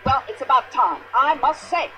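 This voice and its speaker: An actress playing a pushy, indignant older American widow in a mystery video game, complaining at length in a shrill voice. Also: female voice, moderate pace, pushed and bright, soft background music, rough recording. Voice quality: shrill, complaining, long-winded.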